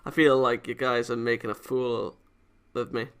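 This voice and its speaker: A man voicing a menacing, short-tempered male thug leader in a gruff, threatening manner. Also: mid-range voice, flat delivery, moderate pace, a bit bright, close to an everyday voice.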